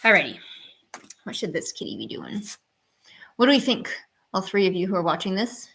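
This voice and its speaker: A woman's voice: medium pitch, big pitch swings, normal speed, fairly bright tone, a little hiss or hum. Chatty woman streaming while drawing. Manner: chatty, talks to her cats and chat. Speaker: art streamer. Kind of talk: casual live-stream chat while drawing. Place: home.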